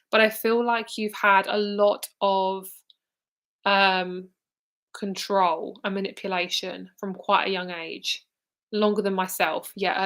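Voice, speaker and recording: A British woman in her twenties gives a live psychic reading, her medium-pitched voice sounding a bit bright. She's casual and rambling, with fillers, restarts and swearing.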